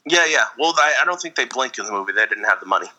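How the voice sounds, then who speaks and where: A man co-hosting a casual podcast, rambling through an animated story with frequent laughs. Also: medium pitch, rapid-fire, rough recording. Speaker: podcast co-host. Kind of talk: casual chat.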